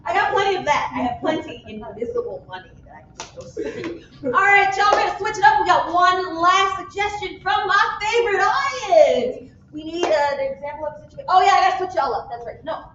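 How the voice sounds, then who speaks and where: A woman's voice: very high-pitched, fairly quick, slight background noise. Woman, improv host, playful, muffled echoey theater recording, distant mic. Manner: lively and teasing with the audience. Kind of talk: hosting an improv comedy show. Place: theater stage.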